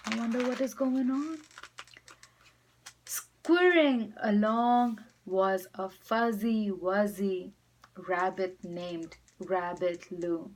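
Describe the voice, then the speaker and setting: A woman teacher reading a storybook aloud to children, expressive and speaking directly to them. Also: mid-range voice, drawn-out words, low-quality recording.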